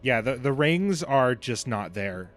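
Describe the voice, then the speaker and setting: A man's voice: medium pitch, big pitch swings, unhurried, faint music behind. Man narrating a tabletop game. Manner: loose, filler-heavy narration. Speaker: game master.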